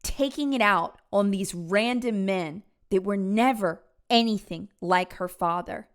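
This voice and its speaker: A woman hosting a true crime show, telling the story in an emphatic, conversational and opinionated way. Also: medium pitch. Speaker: host.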